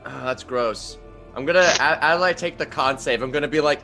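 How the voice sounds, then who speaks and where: A man's voice: mid-range voice, moderate pace, bright, forceful tone, soft background music. A man playing a tabletop role-playing game, joking casually and speaking in a grand, theatrical manner in character. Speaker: player.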